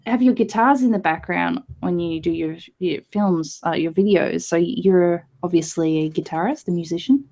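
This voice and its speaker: A woman's voice: fairly low pitch, normal speed, few pauses, mellow, rough recording. A woman hosting a casual livestream, chatty and giggly, reading viewer messages aloud. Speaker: livestream host.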